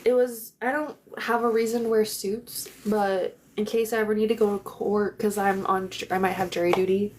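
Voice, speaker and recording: A woman's voice: medium pitch, level tone, moderate pace, hardly any pauses, a little mellow, a little hiss or hum. A young woman hosting a casual phone livestream from home, chatty and rambling, swearing freely. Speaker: livestream host. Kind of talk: casual live chat. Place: home, in bed.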